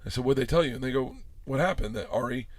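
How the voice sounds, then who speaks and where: A man's voice: medium pitch, fast talker, no echo. A man in his forties telling a wild story in casual podcast chat, swearing freely and acting out the quotes. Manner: animated storyteller, swears often, acts out quotes. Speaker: podcast guest.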